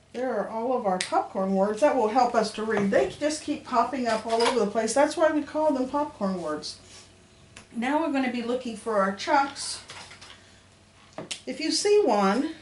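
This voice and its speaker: A middle-aged elementary school teacher is giving a phonics lesson to young children, patiently sounding out letters and words in a sing-song way. Her voice is fairly high with a darkish tone, and she speaks unhurriedly. The sound rings in a roomy space over a faint background hum.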